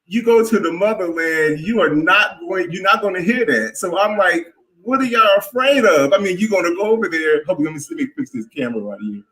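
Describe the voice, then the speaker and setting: A man's voice: high voice, animated, brisk, a bit bright, poor audio. A man in his fifties calling into a live stream, talking earnestly and emotionally, often stammering and repeating words. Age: 50s. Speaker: caller.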